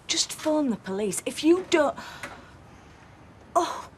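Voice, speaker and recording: A woman's voice: high-pitched, expressive, slow pace, slight background noise. An actress playing an anxious, pregnant wife and mother in a TV soap, pleading with urgency. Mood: urgent. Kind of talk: TV soap acting.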